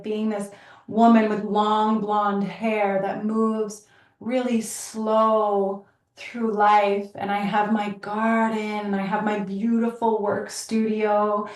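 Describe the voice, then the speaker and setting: A woman yoga teacher giving an earnest, chatty reflective talk, laughing often and full of likes and you-knows. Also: medium pitch. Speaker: yoga teacher and podcast host. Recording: roomy, from a distance.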